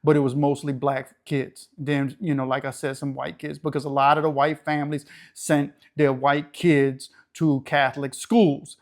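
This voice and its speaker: A man's voice: on the high side, level tone, normal speed, hardly any pauses. A man from the New Orleans area with a local accent, hosting a casual, blunt, streetwise monologue. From New Orleans area, Louisiana. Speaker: YouTube channel host.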